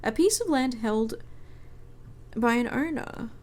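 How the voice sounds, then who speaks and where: Chatty, expressive woman gaming streamer. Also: on the high side, slow pace. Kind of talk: casual let's-play commentary.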